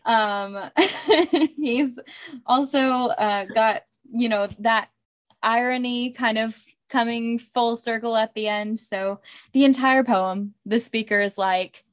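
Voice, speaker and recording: A woman's voice: on the high side, slow pace. Woman podcast host chatting about a poem, lots of likes and ums, laughs a bunch. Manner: chatty, many "like" and "um" fillers, laughs often. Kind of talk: casual literary discussion.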